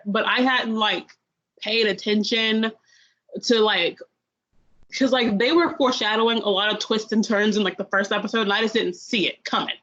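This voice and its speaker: A woman's voice: mid-range voice, fairly even intonation, moderate pace, a bit bright. A young woman co-hosting a podcast, telling a long, rambling story about binge-watching a show in a casual review chat. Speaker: podcast co-host. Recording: dull lo-fi sound.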